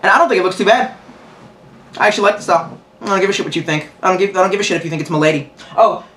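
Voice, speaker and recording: A man's voice: high voice, very fast, a bit bright. A young man talking straight to camera in a crude, sarcastic, rambling monologue full of profanity. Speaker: vlogger.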